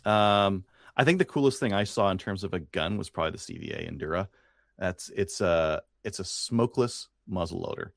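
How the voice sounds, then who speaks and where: A man's voice: low-pitched, a little fast, vocal fry, dry recording, studio quality. A man co-hosting a podcast, chatting casually and rambling with fillers and restarts, from Canada. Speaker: podcast co-host. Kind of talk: casual chat.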